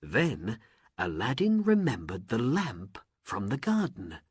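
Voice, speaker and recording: A male storyteller narrates a learners' story very slowly and deliberately, with a pitch that swings widely. His voice is breathy and close, with no room sound. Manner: very slow, deliberate, and expressive.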